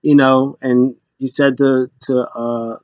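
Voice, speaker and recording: A man's voice: mid-range voice, flat delivery, slow, a little mellow, no echo, dull audio. A man casually recapping wrestling events in a rambling way, acting out what people said in raised voices. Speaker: podcast host.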